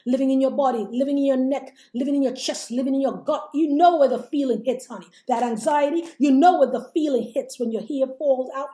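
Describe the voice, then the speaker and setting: A woman coach streaming live from a home setup, high-pitched yet mellow, preaching self-worth with fire and calling her viewers "honey." Her slightly strained voice rings out in a roomy, echoey space. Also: a little fast, few pauses. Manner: fiery, preachy, calls listeners "my loves" and "honey"; chants and sings short refrains. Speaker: life coach. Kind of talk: motivational livestream talk. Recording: roomy echo.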